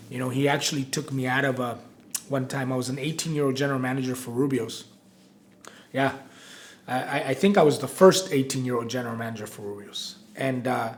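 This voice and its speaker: This is a man in his forties, a restaurant operations director, speaking casually in an interview. His voice has a gravelly edge at an ordinary middle pitch. He rambles, trips over restarts and keeps checking in with "right?". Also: steady tone, fairly quick, a little hiss or hum. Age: 40s.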